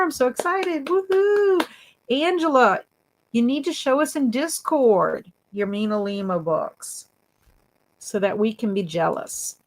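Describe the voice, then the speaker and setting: A woman chatting on a relaxed livestream, talking at an unhurried pace. She giggles easily and teases the viewers whose comments she reads out, keeping her voice at a middle pitch. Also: vocal fry. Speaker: booktube livestream host. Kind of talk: casual livestream chat.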